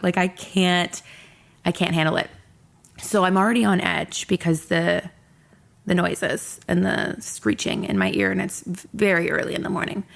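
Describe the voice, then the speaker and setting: A woman's voice: on the low side, gravelly. A young woman hosting a podcast, telling a personal story candidly and emotionally, swearing freely. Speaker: podcast host.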